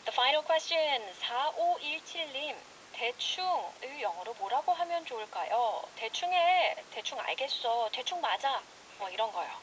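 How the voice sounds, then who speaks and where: A woman hosting a radio English show. She switches quickly between Korean and slow, carefully spelled English. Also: high-pitched, animated, fairly bright tone. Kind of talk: bilingual radio chat. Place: radio studio. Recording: dull radio broadcast with faint hiss.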